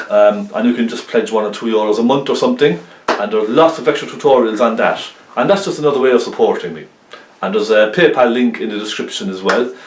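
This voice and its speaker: A friendly man leads an easygoing painting lesson in his studio, his mid-pitched voice bouncing around a roomy, echoey space. He rambles warmly between steps, dropping ums and asking "isn't it?" as he goes. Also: slight background noise. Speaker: painting teacher. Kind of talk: chatty painting tutorial.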